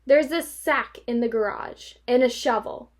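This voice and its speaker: Woman reading as a no-nonsense storybook mom, firm, spelling out each word slowly. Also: on the high side, lightly acted. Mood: stern. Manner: slow, deliberate, emphatic. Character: stern, no-nonsense mother, insistent.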